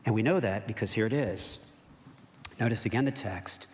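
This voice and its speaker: A male pastor preaching a sermon, animated, acting out quoted voices and dropping to hushed asides. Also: on the low side, moderate pace, long pauses. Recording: long reverb of a church hall.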